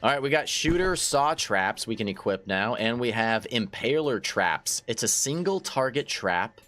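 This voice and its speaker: A man's voice: medium pitch, animated, moderate pace, fairly bright tone. A man giving casual let's-play commentary while gaming, chatty, laughing often and repeating words as he goes. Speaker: gaming YouTuber.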